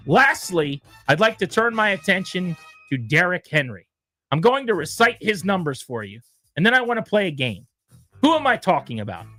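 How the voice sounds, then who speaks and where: A sports radio co-host with a high, bright, forceful voice makes an emphatic mock closing argument. He fires off numbers and repeats names for effect. Faint music sits under the studio talk.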